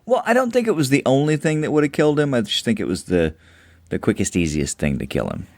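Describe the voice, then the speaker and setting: A man co-hosting a podcast, chatting casually about movies, animated and jokey. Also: medium pitch, quick pace, no room sound, studio quality. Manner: animated, jokey, acts out quotes. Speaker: podcast co-host. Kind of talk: casual movie review chat.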